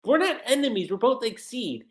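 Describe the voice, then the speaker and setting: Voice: mid-range voice, sing-song, a little fast, voice pushed up, lightly acted. A streamer doing an eager cartoon cat boy. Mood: earnest. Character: cheerful young male blue cat, kind.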